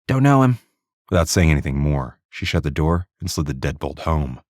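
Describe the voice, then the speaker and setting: A man reading a crime novel audiobook in steady, even scripted narration into a close studio mic. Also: a bass voice, a little fast, dry recording.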